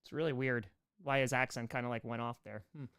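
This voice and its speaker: Brief: comedian host, casual rambling commentary, clean smooth tone, mid pitch. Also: male voice, quick pace, a bit bright, no room sound, studio quality. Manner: rambling, enthusiastic, self-teasing. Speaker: comedian hosting a rewatch stream.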